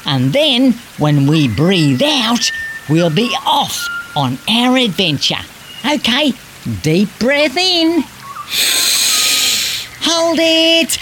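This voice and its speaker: A woman voicing a cheerful, fact-loving male green tree frog, gently guiding a children's storybook adventure and fond of silly jokes. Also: on the high side, very animated, very slow, pauses often, noisy background, full character voice.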